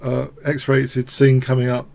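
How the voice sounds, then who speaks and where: A man's voice: medium pitch, completely flat delivery, takes it slowly, creaky, darkish tone, slight background noise. A man commentating his own online chess games, thinking aloud with wry, self-mocking asides. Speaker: chess streamer. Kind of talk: live commentary while playing.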